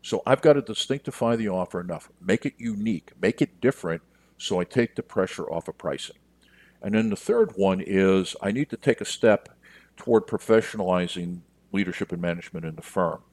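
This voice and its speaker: Low-voiced man coaching plainly. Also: a little fast, darkish tone, no echo. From United States. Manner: direct, conversational, addresses listeners as you. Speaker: business coach. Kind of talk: podcast monologue.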